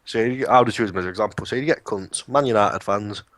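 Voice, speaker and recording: A man's voice: lowish voice, fast talker, fairly bright tone, no echo. An eighteen-year-old man co-hosting a casual podcast, swearing and joking as he rants about call-centre work. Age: young adult. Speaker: podcast co-host. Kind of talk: casual chat.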